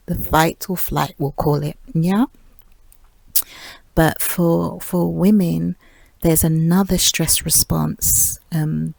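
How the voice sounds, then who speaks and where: A woman talks through her solo podcast in an unhurried, reflective way. Her voice sits low and mellow with a gravelly fry, and she often softens into near-whispers with small laughs. The sound is close and dry. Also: no room sound, poor audio. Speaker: podcast host.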